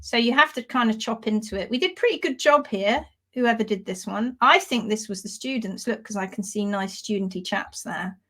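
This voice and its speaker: A woman teaching hoof care in a live demonstration, explaining with animated, playful storytelling. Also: mid-range voice, normal speed, few pauses.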